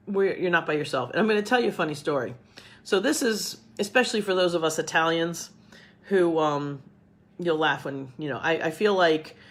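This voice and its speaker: A middle-aged woman talks to her camera at home in a loose, chatty way, with a somewhat low voice. She rambles and circles back on herself, upbeat and open. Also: a bit bright. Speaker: cooking teacher. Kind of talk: casual talk to camera.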